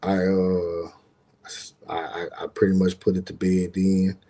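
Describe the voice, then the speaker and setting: A middle-aged business owner speaks a little slowly in a low, warm voice that stays fairly flat in pitch. Talking straight to viewers, he rambles through a personal story with plenty of slang and swearing in a casual monologue.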